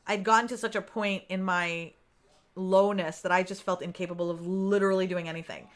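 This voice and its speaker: A woman in her thirties chats casually with viewers on a live stream. She is animated and laughs often. She acts out her own thoughts in quoted bits. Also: fairly low pitch, fairly quick. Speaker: livestream host.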